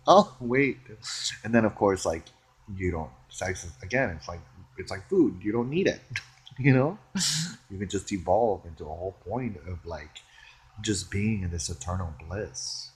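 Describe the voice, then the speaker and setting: Husky low-voiced man rambling in a vlog. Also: moderate pace. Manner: playful, giggly, drifting between excited and hushed. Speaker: vlogger. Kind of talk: rambling solo vlog monologue.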